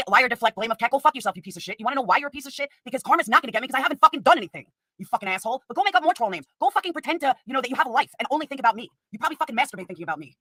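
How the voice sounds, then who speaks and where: A woman streamer tears through an angry, profane rant at a breakneck clip. Her voice sits a touch high, bright and forceful, and the recording is close and dry with no room sound. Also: lively intonation, dry recording. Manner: profane, heated, rapid-fire. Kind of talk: angry ranting commentary.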